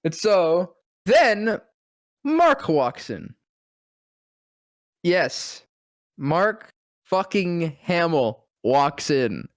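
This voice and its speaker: A voice actor telling a breathless, profane, self-mocking story on a podcast. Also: male voice, high-pitched, sing-song, very slow, long pauses, dry recording, clean studio sound. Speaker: voice actor and guest. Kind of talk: excited anecdote telling.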